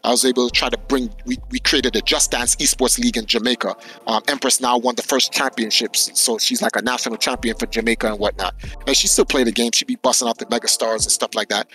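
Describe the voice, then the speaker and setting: Animated, bright-voiced male podcast host. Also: medium pitch. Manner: animated storytelling, swearing and slang. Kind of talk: casual podcast chat.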